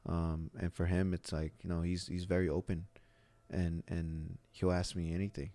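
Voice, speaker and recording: A middle-aged gym owner chats casually on a podcast, telling rambling stories full of restarts. His voice is low and mellow, with a level tone and moderate pace, and there's no echo.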